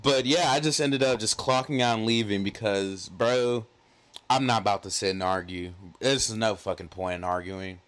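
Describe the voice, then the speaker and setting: A young adult man co-hosting a podcast, telling a story in casual chat, animated and profane, with lots of "like". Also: on the low side, moderate pace. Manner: animated, profane, heavy use of "like". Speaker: podcast co-host.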